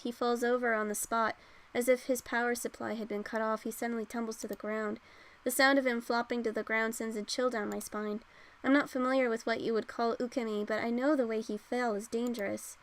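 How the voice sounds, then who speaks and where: A woman's voice: fairly high pitch, rough recording. A woman reading a visual novel aloud in the first person, now and then correcting herself, with game music behind. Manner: first-person narration, occasional self-corrections. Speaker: game let's player.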